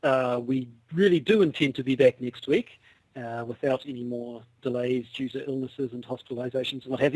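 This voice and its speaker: A man's voice: medium pitch, a little fast, a little mellow, no room sound, poor audio. A man co-hosting a podcast over a video call, wry and rambling, often restarting his sentences. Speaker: podcast co-host. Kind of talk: casual chat over a call.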